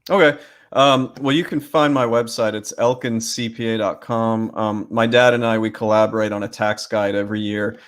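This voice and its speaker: A man's voice: on the low side, steady tone, moderate pace. A man co-hosting a podcast in casual banter, easygoing and laid-back, with lots of ums and likes. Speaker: podcast co-host, accountant.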